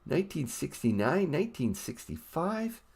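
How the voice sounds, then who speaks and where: A man's voice: on the high side, sing-song, moderate pace, creaky, darkish tone, breathy edge, faint music behind. A man hosting a casual livestream, chatting with viewers in an upbeat, easygoing way. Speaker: livestream host.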